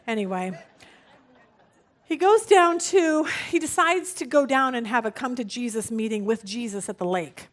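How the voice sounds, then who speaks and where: A middle-aged woman teaching a Bible study, telling stories in an animated way and acting out what people said. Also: fairly high pitch, normal speed. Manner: animated, acts out quoted speech.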